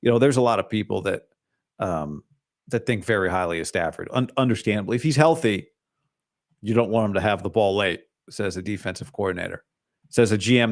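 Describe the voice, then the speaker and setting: A man's voice: on the low side, brisk. A man hosting a solo sports talk show, opinionated and hedging, with frequent restarts.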